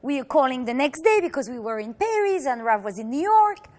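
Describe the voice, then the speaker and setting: A woman teaching through a personal story, speaking in an earnest, halting way and acting out the voices she quotes. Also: sits high, lively intonation, a little mellow.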